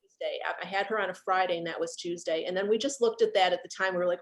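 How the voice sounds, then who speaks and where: Guest, middle-aged woman, slightly low voice, earnest and halting, on a video call. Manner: earnest, halting, repeats herself when recalling. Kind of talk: heartfelt conversation about grief.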